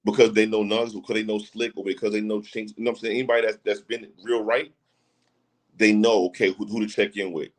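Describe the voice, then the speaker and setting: Low-voiced man in casual emphatic chat. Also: little pitch movement, quick pace, rough recording. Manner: emphatic, repeats phrases, often asks "you know what I'm saying". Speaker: guest.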